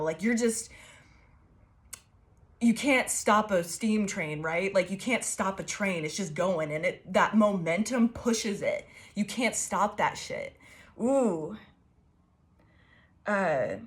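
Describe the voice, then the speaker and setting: A woman of middle pitch giving a loose, casual tarot reading. She talks in an excitable, foul-mouthed way, and her sentences ramble and restart as she goes. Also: a little slow. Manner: excitable and profane, laughing often. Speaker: tarot reader.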